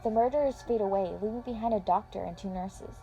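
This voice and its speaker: A woman reading a first-person fan story aloud in a dramatic, expressive way. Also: medium pitch, fast talker, soft background music, poor audio. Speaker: story reader.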